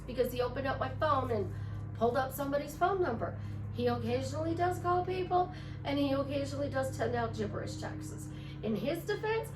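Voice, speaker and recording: A woman life coach giving a casual motivational talk, chatty and storytelling, repeating affirmations. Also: high voice. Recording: echoey room from far off.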